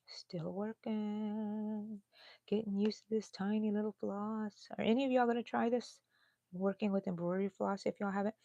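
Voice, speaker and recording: A woman in her sixties with a Texan accent talks her viewers through her crochet work in a dry, close recording with no room sound. Her voice sits at an ordinary middle pitch. She chats freely, then sinks into soft mutters and whispers while she counts stitches. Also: steady tone, brisk, vocal fry, no echo, dull audio. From Texas. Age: 60s. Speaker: crochet live-stream host. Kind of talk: casual chat while crocheting live.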